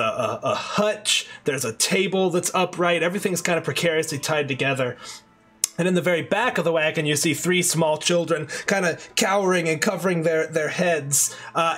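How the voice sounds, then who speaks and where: A man narrating a tabletop game as game master, descriptive and halting, with frequent fillers and restarts. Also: on the high side, a bit bright.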